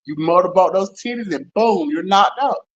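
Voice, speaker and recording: A man's voice: high-pitched, normal speed, highs cut off. A man joining in casual chat with joking, blunt banter.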